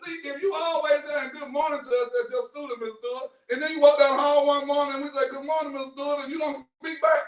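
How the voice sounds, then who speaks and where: High-voiced, animated woman storyteller. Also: quick pace, hardly any pauses. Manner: animated, acts out dialogue, laughs often. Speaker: podcast co-host. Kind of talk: casual podcast storytelling. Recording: echoey room, voice distant from mic.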